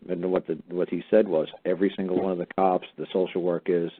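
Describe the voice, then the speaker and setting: A man hosting a call-in talk show, telling stories in a blunt, profane, excitable way over a phone line. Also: deep voice, fast, slightly rough.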